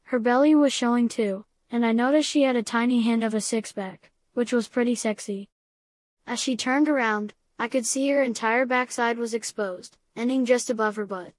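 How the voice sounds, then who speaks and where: A woman's voice: on the high side, steady tone, moderate pace, dry recording. Woman reading a story aloud, dry sound. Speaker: audiobook reader. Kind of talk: first-person story narration.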